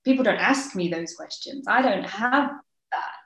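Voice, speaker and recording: A woman with an English accent, co-hosting a podcast and talking things through in a reflective, quick way. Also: medium pitch, expressive, fairly bright tone. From England. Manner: reflective, explains in quick bursts. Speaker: podcast co-host. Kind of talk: casual podcast chat. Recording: roomy echo.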